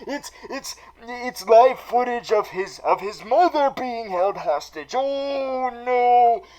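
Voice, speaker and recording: Rambling, profane man with a high voice. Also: animated, a little slow, darkish tone, poor audio. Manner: rambling, profane, many fillers and restarts. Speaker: comedy vlogger in villain persona. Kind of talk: comic rambling recap.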